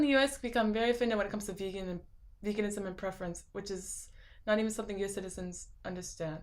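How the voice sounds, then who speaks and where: A young woman with a lisp, chatting casually on a live stream and reading viewer comments out loud, rambling with lots of fillers. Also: mid-range voice, steady tone, fast talker. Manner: rambling, filler-heavy, laughs often.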